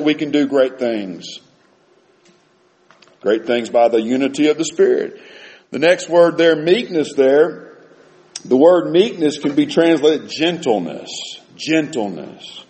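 Animated preacher, high lively voice. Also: male voice. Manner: animated, folksy, drops to soft low tones for emphasis. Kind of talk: sermon. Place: church.

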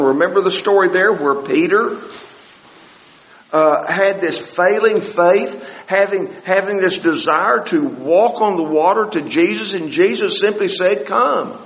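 A man preaching a Bible study sermon, often halting and repeating words as he searches for the next phrase. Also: sits high, in a large hall, low-quality recording.

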